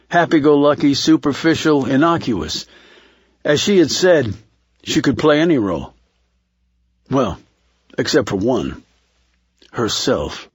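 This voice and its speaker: A man narrating a thriller audiobook in a measured, steady reading. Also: medium pitch, slightly rough, no echo.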